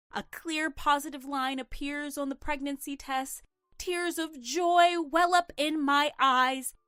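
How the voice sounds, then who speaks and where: Slow, earnest woman storyteller. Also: fairly high pitch, fairly bright tone, no room sound, studio quality. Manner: earnest, emotional, measured storytelling. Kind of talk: first-person scripted drama narration.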